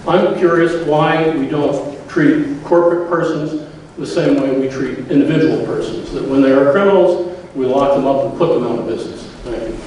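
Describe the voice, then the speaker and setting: A man's voice: fairly high pitch, normal speed, darkish tone, a little hiss or hum. A man asking a pointed, indignant question at a town hall. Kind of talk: public question. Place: large public hall. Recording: echoey hall recorded from far off.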